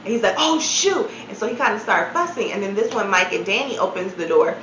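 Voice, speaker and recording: A woman at a mid pitch recounts a story in a casual storytime style, dropping "like" every few words and breaking off for disbelieving asides. Her voice bounces around a roomy space, and the sound is a little dull, as if from a modest mic. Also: quick pace, a bit bright, slight background noise. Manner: chatty, many "like" fillers, incredulous asides. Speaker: storytime vlogger.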